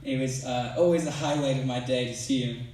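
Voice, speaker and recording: A man's voice: medium pitch, steady tone, a little fast, darkish tone. A teenage boy speaking to a church youth group, casual and rambling, with lots of fillers. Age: teens. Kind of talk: youth talk with playful retold dialogue. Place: large church hall. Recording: echoey hall, mic from a distance.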